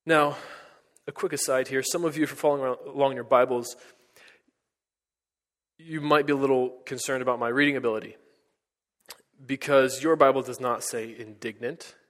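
Male pastor, mid-pitch, earnest sermon delivery, long church reverb. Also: fairly even intonation, brisk, pauses often. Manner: earnest, rising to emphatic peaks then dropping to hushed lines.

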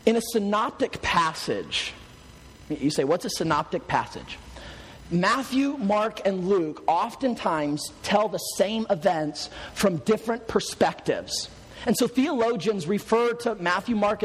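A man preaching a sermon, animated and swinging from hushed to loud, laughing often as he tells stories. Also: high-pitched, slightly rough. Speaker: pastor. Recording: long hall reverb.

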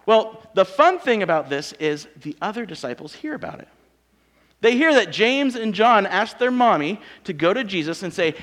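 A man's voice: sits high, lively intonation, brisk, a bit bright, in a large hall. A man in his thirties preaching a sermon in a casual, joking, self-deprecating manner. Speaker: pastor.

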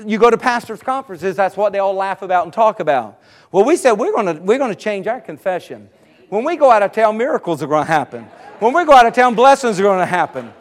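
Male pastor with a high voice, preaching from the pulpit, lively storytelling. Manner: animated, rises to exclamations of praise. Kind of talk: sermon storytelling.

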